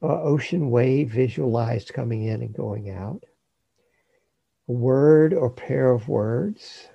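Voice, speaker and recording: Man, meditation instruction, gravelly voice, slow pace, dry close sound. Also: mid-range voice, dry recording, dull audio. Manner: slow, calm, unhurried with long pauses. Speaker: meditation teacher.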